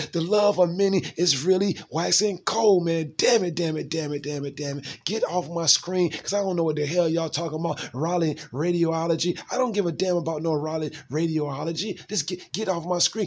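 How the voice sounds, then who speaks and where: A man's voice: fairly high pitch, slightly rough. A man reading news headlines and adding blunt, cursing, exasperated commentary in a casual style.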